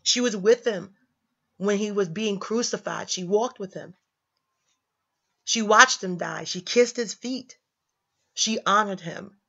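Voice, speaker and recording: A young woman talks about her faith in a casual, slangy way, leaning hard on her points and repeating them for emphasis. Her voice sits at a middle pitch. The audio is a little dull and lo-fi. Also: slow, creaky, pauses often, fairly bright tone. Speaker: commentator. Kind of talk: casual religious commentary.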